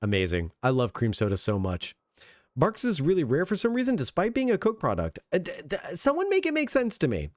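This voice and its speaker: A man streaming a game, chatting in an excitable, rambling, self-mocking way from a home setup. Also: a little high, brisk, no echo, studio quality. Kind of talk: casual game stream commentary.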